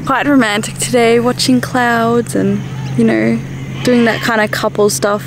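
A young woman chats away on a phone vlog, full of jokes and quick silly voices for the animals she watches. Her voice sits a touch high. The outdoor recording carries a lot of background noise. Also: flat delivery. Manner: chatty, joking, acts out animals and people in silly voices. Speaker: vlogger. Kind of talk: casual vlog chat. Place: outdoors by a dam. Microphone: phone camera.

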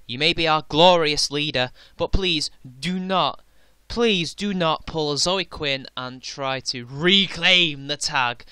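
Male reaction commentator, sharp bright tone, heavy mocking sarcasm. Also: fairly high pitch, smooth, no room sound. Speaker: reaction video maker.

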